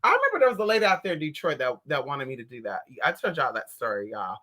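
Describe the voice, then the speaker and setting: A woman reader chatting casually to her viewers from home in a sassy, slangy, animated way. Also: low voice, fast talker. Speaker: spiritual reader and streamer. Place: at home indoors.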